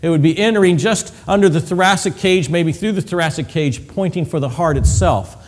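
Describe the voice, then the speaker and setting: Guy preaching in a big echoey hall, voice a bit high, gets really into it. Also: brisk. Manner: vivid, acts out cries and whispers, medical detail. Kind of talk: sermon with slides. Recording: long hall reverb.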